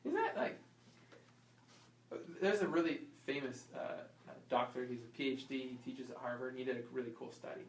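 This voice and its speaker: A chiropractor teaching an informal health class, quizzing the audience and acting out small scenes. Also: male voice, mid-range voice, normal speed, slight background noise. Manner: lively, asks the audience questions and acts out little scenes. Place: class room. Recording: echoey room, voice from far off.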